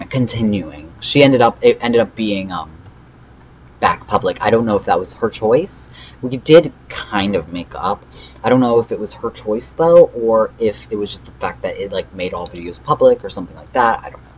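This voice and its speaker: A teenage guy vlogger casually recapping a drama story, rambling with fillers and flatly reading out chat messages. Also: lowish voice, normal speed, muffled recording, slight background noise. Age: teens.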